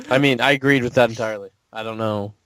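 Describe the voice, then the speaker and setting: A man's voice: medium pitch, brisk, fairly bright tone, no echo. A man co-hosting a podcast in casual chat, making wry jokes. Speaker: podcast co-host.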